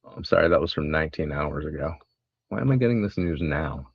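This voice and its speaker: A man's voice: extremely low pitch, expressive, quick pace, gravelly, husky, lo-fi sound. A man live-streaming his futures trading, rambling casually and reading headlines aloud with wry asides. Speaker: day trader streaming live.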